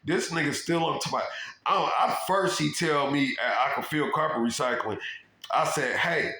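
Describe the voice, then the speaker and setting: A man telling his own story in a rambling, profane, animated monologue and repeating "you know what I'm saying". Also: on the high side, moderate pace. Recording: roomy echo.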